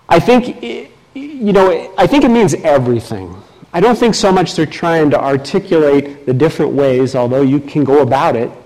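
A man preaching a sermon as pastor, reading scripture aloud with emphatic delivery. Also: low-quality recording. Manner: slow, emphatic preaching with lively swings in pitch.

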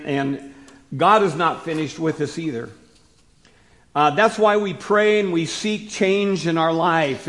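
A man preaching a sermon as pastor, stressing key words loudly, then dropping to soft asides. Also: on the high side. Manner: emphatic, swings between loud stresses and soft asides. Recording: long hall reverb.

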